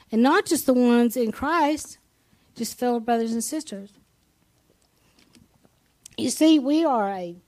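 A woman's voice: on the high side, a little mellow. A woman preaching a sermon in a conversational way, asking the congregation questions and often restarting her phrases. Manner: frequent restarts and repeated words.

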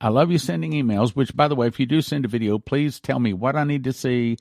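A man's voice: mid-range voice, fast talker, creaky, darkish tone, no echo. Emphatic preaching man, dry voice. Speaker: pastor. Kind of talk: broadcast sermon.

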